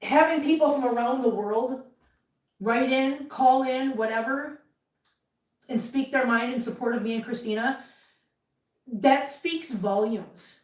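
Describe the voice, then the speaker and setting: A high-voiced middle-aged woman rambles through a casual live chat while she tidies at home. She vents with heat between asides. Her voice comes from well back in a roomy space. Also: measured pace, long pauses, recorded from a distance. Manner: chatty, rambling, heated venting. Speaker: livestream host. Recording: roomy, from off-mic.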